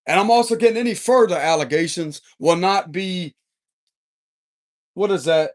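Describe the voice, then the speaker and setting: A man's voice: high-pitched, normal speed. A man giving an unscripted tarot reading in a heated, confrontational and profane way. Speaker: tarot reader.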